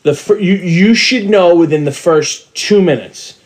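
A man's voice: high-pitched, unhurried. A man co-hosting a casual podcast chat, giving blunt, profane opinions and quoting people in his anecdotes. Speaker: podcast co-host.

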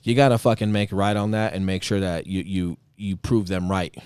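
A man's voice: low-pitched, moderate pace, smooth, dry recording, clean studio sound. A middle-aged man and Marine veteran telling a story in casual chat, swearing a lot and acting out what others said. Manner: profane, animated, acts out quotes. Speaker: Marine veteran and podcast guest.

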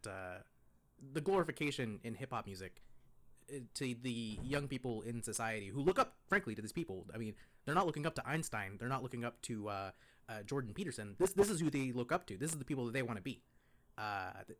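A man voicing a condescending, pompous male pundit, lecturing deadpan in a comic impression on a podcast. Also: medium pitch.

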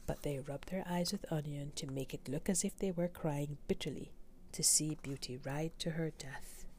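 A woman reading a fairy tale aloud in a soft, slow whisper. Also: sits low, slight background noise. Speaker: storyteller. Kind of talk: whispered storytelling.

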